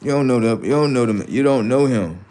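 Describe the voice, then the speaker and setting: A man's voice: medium pitch, brisk, mellow. A man hosting a livestream, talking in heated banter with a mocking, argumentative, slang-heavy manner and heavy swearing. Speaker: livestream host.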